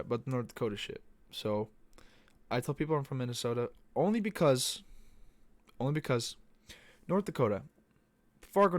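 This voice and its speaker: A man's voice: mid-range voice, no room sound. A young man hosting a podcast, talking casually in a loose, profane, meandering monologue. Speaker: podcast host. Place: Arizona.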